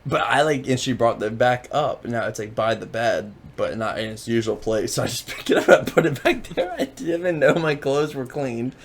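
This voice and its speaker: Gravelly young man telling rambling stories. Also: mid-range voice, moderate pace, hardly any pauses, slight background noise. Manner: rambling storyteller, laughs often, lots of "like". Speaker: podcast co-host. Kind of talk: casual chat.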